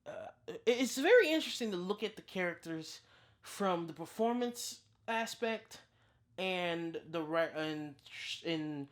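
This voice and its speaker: A reviewer in their thirties giving a casual, unscripted film review as a channel host, excitable and full of restarts. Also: a little slow. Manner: excitable, with big pitch jumps and frequent restarts.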